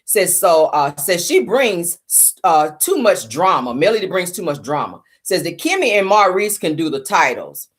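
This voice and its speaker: A middle-aged woman hosting a sassy celebrity gossip show, with a sarcastic, dramatic delivery and drawn-out emphasis. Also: fairly low pitch, sing-song. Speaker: host.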